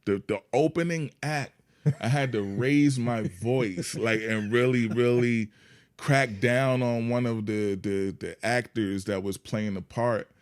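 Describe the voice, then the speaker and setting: A man who is a guest on a podcast, talking in a calm, laid-back way that is full of "man" and "you know what I mean". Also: mid-range voice, a little slow, clear, resonant tone. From Yonkers, New York. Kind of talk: casual interview chat.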